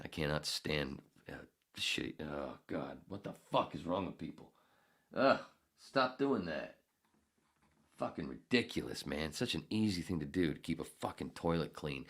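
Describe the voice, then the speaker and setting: A man's voice: very deep voice, a bit bright. An older man hosting a podcast, telling a meandering story full of swearing and often losing his place. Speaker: podcast host. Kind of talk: rambling storytelling monologue.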